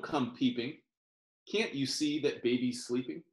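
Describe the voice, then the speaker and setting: A man reading a children's picture book aloud in a gentle sing-song, pausing to explain words over a video call. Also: mid-range voice. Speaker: professor reading picture books to families. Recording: roomy echo.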